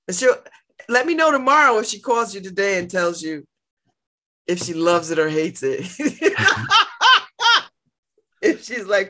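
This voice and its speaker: A middle-aged woman hosting a casual radio chat, laughing often and talking in a playful, animated way. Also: mid-range voice, measured pace, long pauses. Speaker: radio host.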